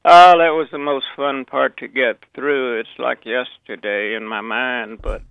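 A man's voice: mid-range voice, fairly even intonation, a little slow, vocal fry, clear, resonant tone, no echo. An older man with a Southern accent, telling rambling stories with chuckles and restarts as a guest. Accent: Southern American. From Memphis, Southern US. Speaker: guest, actor and author. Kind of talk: relaxed anecdotal interview. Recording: dry, tinny phone line.

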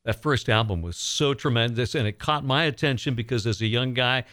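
A man's voice: medium pitch, a little fast, a bit bright, dry recording. Man, radio host, friendly questioner, dry close mic. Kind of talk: radio interview.

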